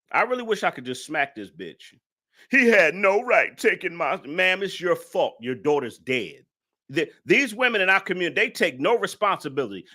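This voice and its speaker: Fiery ranting man, bright lively voice. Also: fairly high pitch. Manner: ranting, profane, repetitive. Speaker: commentary channel host. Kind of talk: angry reaction commentary.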